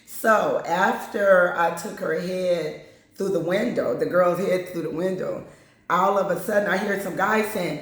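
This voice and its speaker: A woman's voice: fairly low pitch, measured pace. Blunt woman telling a story in an echoey room. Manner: candid, blunt, acts out other people's lines. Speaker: channel host. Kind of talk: casual storytime monologue.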